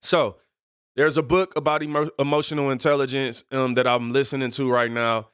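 A man's voice: medium pitch, little pitch movement, brisk, a bit bright, clean tone, no room sound, clean studio sound. A man hosting his own podcast, talking casually on his own, rambling and correcting himself with playful asides. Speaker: podcast host. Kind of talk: casual solo podcast talk.

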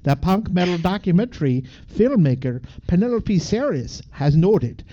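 A man reading aloud haltingly in a put-on Canadian accent, adding "eh" to his sentences. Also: high voice, sing-song, warm tone, voice pushed up. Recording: dull lo-fi podcast audio.

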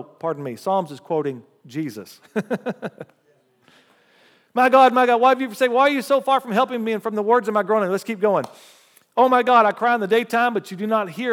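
Man, pastor, sermon, high voice, long hall reverb, emphatic scripture reading. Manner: preaching with lively call-and-response asides; reads scripture aloud with rising emphasis.

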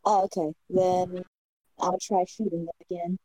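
A woman's voice: fairly low pitch, flat delivery, mellow. A woman playing a tabletop game, laughing at her own missed shots. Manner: slow, laughing, self-mocking. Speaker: player.

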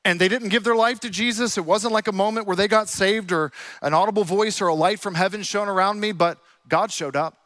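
A young adult man preaching a sermon, telling stories with lively quoted asides. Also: sits high, a little fast, hardly any pauses, dry recording. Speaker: pastor. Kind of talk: sermon with storytelling.

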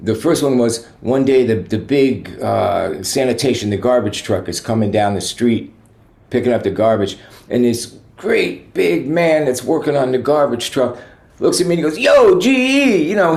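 A man, a guest musician, telling relaxed stories in a rambling way, full of "you know". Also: mid-range voice, normal speed, gravelly, roomy sound. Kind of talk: relaxed anecdotal storytelling.

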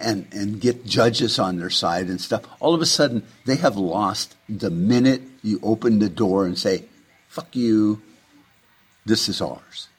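A man's voice: fairly low pitch, breathy edge. A man delivering an impassioned, rambling political rant, heated and full of profanity.

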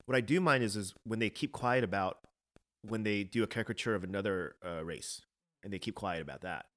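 A man's voice: lowish voice, a little fast, a bit bright. A man co-hosting a podcast, giving his opinions in a casual, earnest way and often repeating words as he starts a point. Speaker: podcast co-host.

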